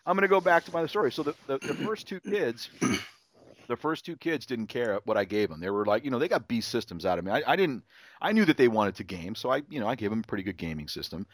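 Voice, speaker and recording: A man's voice: medium pitch, big pitch swings, brisk, no room sound. A middle-aged man, a podcast host, telling a rambling story in casual chat, restarting sentences and acting out his son's voice.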